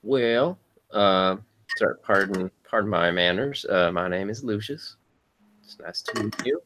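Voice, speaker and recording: A man's voice: on the low side, unhurried, fairly bright tone, a little hiss or hum. A man playing polite bumbling adventurer Lucius. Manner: hesitant, apologetic.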